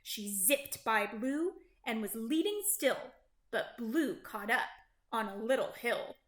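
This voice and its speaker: A woman reading a children's picture book aloud in an animated, sing-song way. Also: a little high, slow pace. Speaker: storybook reader. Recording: roomy echo.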